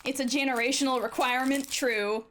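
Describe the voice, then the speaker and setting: A woman's voice: high-pitched, fairly even intonation, fairly quick, fairly bright tone, slight background noise. A woman streaming as she draws, chatting casually with her viewers, reacting to their messages and laughing often. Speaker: art streamer. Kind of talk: casual live-stream chat.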